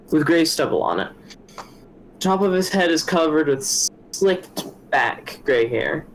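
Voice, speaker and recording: A man's voice: medium pitch, a little hiss or hum, low-quality recording. A man playing a tabletop game, chatting casually and describing his character as he thinks aloud.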